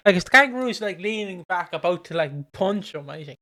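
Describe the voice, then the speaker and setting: A man's voice: high voice, lively intonation, fairly quick, sharp tone, no echo. A man co-hosting a casual podcast chat, rambling with fillers and easy laughs. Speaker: podcast co-host.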